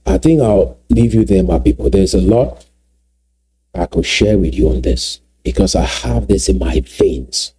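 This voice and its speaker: A man giving solo video commentary, emphatic and repeating key phrases slowly for effect. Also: low-pitched, dark tone, husky. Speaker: political commentator.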